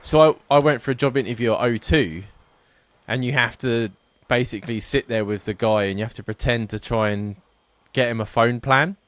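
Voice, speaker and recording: A man's voice: medium pitch, normal speed, a bit bright, no room sound. A man, a podcast co-host, telling rambling, self-deprecating stories in casual chat.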